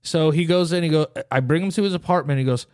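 A man's voice: quick pace, no room sound, studio quality. A young man co-hosting a podcast, telling stories in a casual, profane way and acting out other people's lines. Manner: animated, profane, acts out quotes in a high voice. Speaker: podcast co-host. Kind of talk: casual chat storytelling.

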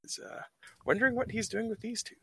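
A man's voice: high-pitched, fairly even intonation, fast talker, vocal fry, a bit bright, slightly rough, no room sound. An American man from the United States, a guest player chatting casually and joking with a ready laugh. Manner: jokey, laughs often. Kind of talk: casual chat.

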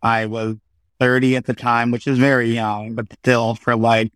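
Animated male theater performer, dry sound. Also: medium pitch, no room sound. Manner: animated storytelling, quick asides. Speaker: guest, Broadway performer. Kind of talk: casual interview chat.

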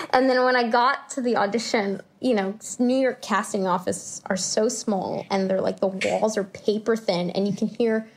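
A woman in her twenties, an actor as an interview guest, telling stories in a chatty, animated way with lots of fillers and laughs. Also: medium pitch, moderate pace, a little hiss or hum. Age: 20s. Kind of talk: casual conversational storytelling.

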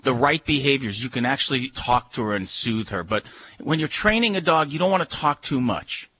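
Husky, bright-voiced man giving dog advice. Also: medium pitch, lively intonation, fairly quick, dry recording. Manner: folksy, repetitive coaching. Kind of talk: radio call-in advice.

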